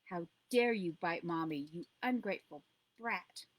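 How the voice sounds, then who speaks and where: A woman's voice: medium pitch, normal speed, lightly acted. A woman reading a storybook aloud and voicing a cruel, abusive mother who snarls her lines. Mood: vicious. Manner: harsh, snarling and loud. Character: cruel drug-addicted mother, shrieking and abusive. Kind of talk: audiobook reading.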